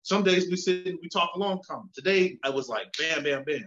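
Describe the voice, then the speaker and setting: A man in casual chat, telling animated stories and acting out both sides of conversations. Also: a little high, brisk. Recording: dull lo-fi sound.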